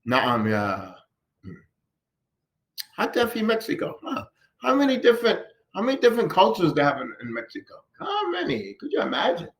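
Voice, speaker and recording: A man with a fairly high, very lively voice teaches a religious class in a mosque. He keeps throwing questions at the people in front of him and hammers points home by saying them again and again. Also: a little fast, creaky. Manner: animated, fires rhetorical questions at listeners; repeats phrases for emphasis. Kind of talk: classroom-style religious lesson. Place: mosque hall.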